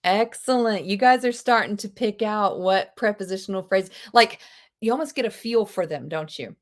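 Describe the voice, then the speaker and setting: A woman teaching a live online English class, animated and chatty, with gasps and quick asides to her students. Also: medium pitch. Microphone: video call.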